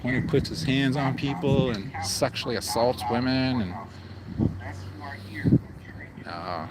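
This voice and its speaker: A man's voice: mid-range voice, slow, very noisy. Blunt, profane man livestreaming outdoors. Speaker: livestream vlogger. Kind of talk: casual livestream chat. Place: outdoors in a public area.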